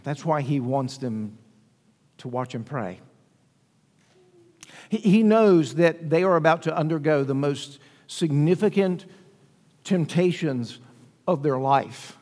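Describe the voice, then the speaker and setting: A man's voice: a little high, lively intonation, slow pace, long pauses, darkish tone, big-room sound. A man preaching a sermon with emphatic delivery, asking rhetorical questions and acting out quoted lines. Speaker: pastor.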